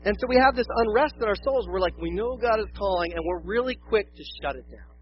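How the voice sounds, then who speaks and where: A man preaching a sermon as a pastor, animated and acting out quoted voices. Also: high-pitched, fast, dull audio, a little hiss or hum.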